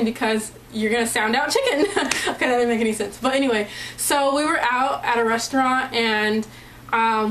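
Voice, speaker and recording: A woman's voice: on the high side, a bit bright. Chatty young woman vlogging, echoey room. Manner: chatty, many ums and likes, laughs often. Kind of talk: casual vlog talk. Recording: echoey room, faint background hum.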